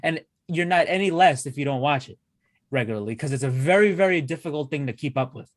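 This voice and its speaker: A man co-hosting a wrestling show in casual chat, excitable and swearing freely, often restarting his sentences. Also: on the high side, fast, no room sound, clean studio sound. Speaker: wrestling podcast co-host.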